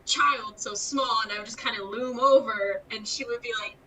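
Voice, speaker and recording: Brief: young woman guest, animated storyteller, higher pitch, mic a bit far. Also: normal speed, slight background noise. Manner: animated storyteller, acts out quotes, frequent laughs. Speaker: guest, haunted attraction scare actor. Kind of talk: casual interview chat.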